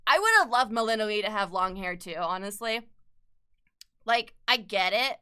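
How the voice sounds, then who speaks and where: A young adult woman chatting casually on an art livestream, excitable and gushing, swearing freely and laughing often. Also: medium pitch, moderate pace, clear, resonant tone. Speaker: artist livestreamer. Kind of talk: casual chat while drawing.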